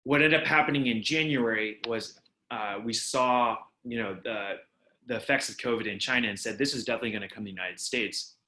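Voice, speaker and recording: A man in his thirties, a company founder, explaining his product quickly and fluently in a video call interview with frequent restarts. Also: medium pitch, sharp tone, roomy sound. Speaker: startup founder and CEO.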